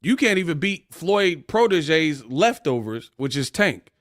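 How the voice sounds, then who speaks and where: A man's voice: fairly high pitch, a little slow, no room sound, clean studio sound. A man hosting a casual boxing commentary rant, mocking and laughing as he talks. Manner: animated, mocking, laughs often.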